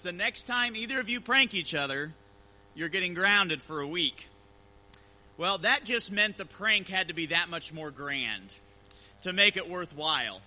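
A man preaching a sermon, telling a personal story in a relaxed, conversational way before reading scripture aloud. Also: high voice, slight background noise, poor audio. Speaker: pastor.

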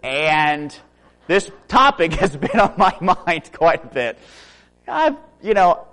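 A man's voice: fairly high pitch, sing-song, takes it slowly, a bit bright. A man in his early thirties, a preacher, delivering a sermon full of self-mocking stories and humor. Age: 30s.

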